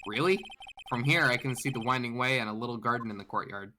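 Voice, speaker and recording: A man's voice: mid-range voice, fast, noisy background. A man hosting a game let's play, reading the lead's lines aloud in a playful, mock-dramatic way. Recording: music under voice.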